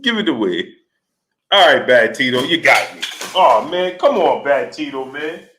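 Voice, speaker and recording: A man's voice: mid-range voice, lively intonation, moderate pace, bright, forceful tone. A man hosting a casual livestream, reading out viewers' comments in a slangy manner and calling them "brother". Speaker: livestream host. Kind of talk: casual live-stream chat.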